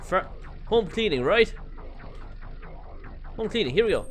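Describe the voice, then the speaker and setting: A man giving excitable let's play commentary, swearing and playing up mock outrage. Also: high voice, a little slow, faint music behind. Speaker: gaming video creator.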